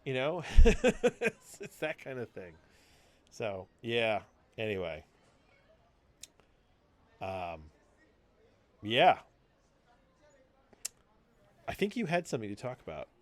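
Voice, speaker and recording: A man's voice: mid-range voice, takes it slowly, long pauses, dry recording. A man co-hosting a podcast, telling a story in casual chat, acting out what others said and swearing freely. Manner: animated storytelling, swearing, acts out quoted voices. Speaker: podcast co-host.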